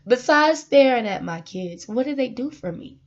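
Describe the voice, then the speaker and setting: A woman with a fairly high voice vlogs to her viewers, earnest and preachy, laughing often between points. The recording sounds dull and lo-fi. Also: animated, normal speed. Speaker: vlogger giving life advice. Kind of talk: casual emotional monologue.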